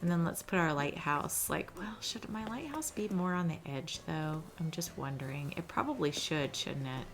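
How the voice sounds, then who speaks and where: A woman's voice: low-pitched, animated, normal speed, hardly any pauses. A young woman hosting a gaming channel, giving casual, chatty commentary over her gameplay in a cozy way. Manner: chatty and cozy, often says "little". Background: background music.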